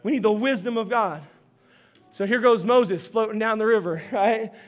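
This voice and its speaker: High-voiced male pastor preaching. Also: moderate pace, dull audio. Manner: conversational preaching, addressing the congregation directly. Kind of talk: sermon.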